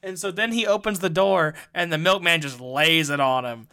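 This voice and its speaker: A man's voice: on the high side, moderate pace, bright, forceful tone, smooth. A man co-hosting a podcast in casual chat, playful and jokey as he tells stories.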